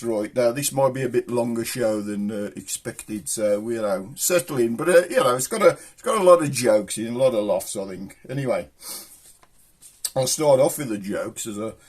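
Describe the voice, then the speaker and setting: A middle-aged man with a Black Country accent, chatting casually to camera and telling jokes in a rambling way, chuckling at his own punchlines. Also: medium pitch. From England. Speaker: channel host.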